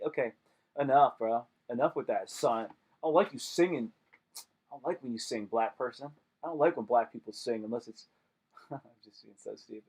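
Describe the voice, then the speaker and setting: A man's voice: medium pitch, normal speed, breathy edge, highs cut off. A young man chatting casually on a live stream, joking and rambling with lots of slang.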